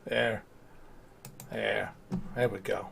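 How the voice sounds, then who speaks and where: A man's voice: on the low side, level tone, drawn-out words, creaky, fairly bright tone, a little hiss or hum. A man chatting casually on a live game stream, rambling with lots of fillers and restarts.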